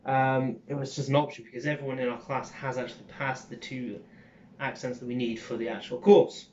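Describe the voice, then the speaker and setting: A man's voice: medium pitch, little pitch movement, brisk, darkish tone. Rambling young Cockney man vlogging. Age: young adult. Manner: rambling, sweary, lots of ums. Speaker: vlogger and acting student. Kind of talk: casual chat. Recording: dull lo-fi sound.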